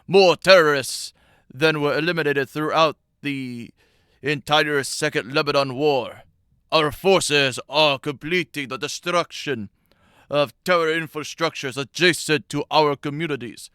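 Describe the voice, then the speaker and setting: A man's voice: fairly high pitch, measured pace, bright, forceful tone, clean tone, dry recording, studio quality. A man voicing a stern middle-aged male politician who gives an address in a put-on foreign accent. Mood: stern, declaiming.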